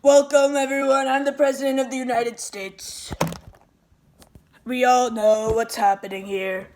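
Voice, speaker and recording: A woman's voice: sits high, flat delivery, measured pace, background noise. A woman doing a boastful rambling president. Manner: rambling, repeats insults and nicknames. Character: boastful rambling male president, petty and self-pitying. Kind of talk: comedic impression monologue.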